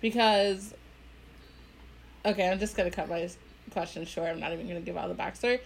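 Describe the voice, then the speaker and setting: A young adult woman co-hosting a podcast, asking unhurried questions with frequent giggles in casual chat. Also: on the low side, rough recording. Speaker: podcast co-host.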